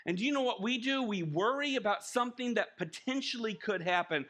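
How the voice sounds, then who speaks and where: A man preaching a sermon as pastor, animated and acting out little scenes. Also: sits high, fairly quick, few pauses. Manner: animated, acts out little scenes with shouted voices. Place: church.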